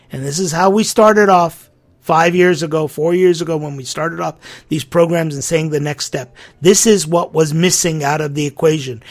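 A man with a high voice hosts a religious talk show and tells a story earnestly and reflectively, at times dropping almost to a whisper.

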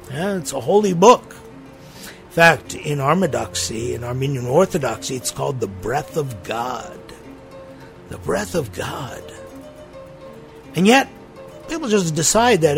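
A man's voice: on the high side, expressive, unhurried, creaky, soft background music. A man who is a priest, hosting his own spiritual podcast in a playful, tongue-in-cheek, conversational way.

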